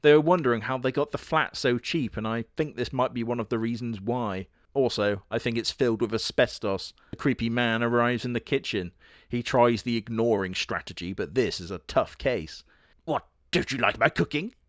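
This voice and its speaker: A man gives a dry, crude running commentary on a horror show for a comedy video. His voice sits at a middle pitch. The sound is close and dry, with no room echo. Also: normal speed. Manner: dry, crude, deadpan jokes.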